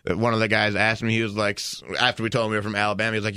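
A man's voice: on the low side, monotone, very fast, hardly any pauses, pushed and bright, smooth, no room sound, studio quality. A man on a podcast casually telling a long anecdote, full of fillers and asides. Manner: rambling anecdote with many fillers. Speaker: podcast guest, producer. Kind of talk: casual chat, storytelling.

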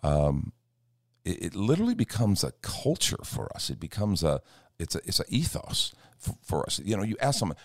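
A pastor with a very low, deep voice chats in an earnest, storytelling way. He acts out little quoted exchanges as he goes, and the sound is dry and close. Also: big pitch swings, a little fast, no room sound. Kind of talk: casual chat. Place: church.

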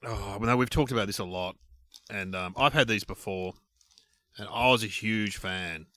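A middle-aged man co-hosting a podcast in relaxed, joking chat about snacks and shows. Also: fairly low pitch, moderate pace, dry recording. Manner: relaxed, laughing banter. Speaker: podcast co-host. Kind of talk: casual chat.

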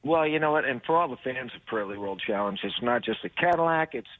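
A race driver calling in to a radio show, talking with lots of energy and stumbling through many fillers and restarts. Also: male voice, medium pitch, expressive, quick pace, no room sound. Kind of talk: phone interview. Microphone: phone. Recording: narrow phone line.

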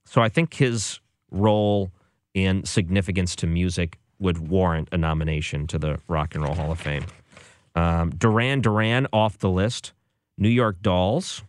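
Deep-voiced sarcastic male host. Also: no echo, studio quality. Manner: sarcastic, exasperated. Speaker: radio or podcast host. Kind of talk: casual music commentary.

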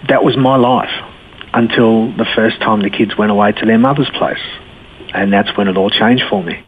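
A man's voice: lowish voice, fairly even intonation, normal speed, husky. A man, giving a blunt, earthy personal testimony in casual conversation. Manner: blunt, earthy storytelling with slang. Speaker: interview guest. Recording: phone line with faint noise.

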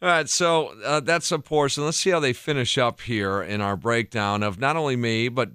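A man's voice: mid-range voice, normal speed, sharp tone, clear, resonant tone, no echo, studio quality. A man hosting a casual podcast chat, talking in a laid-back, rambling way with restarts. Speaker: podcast host.

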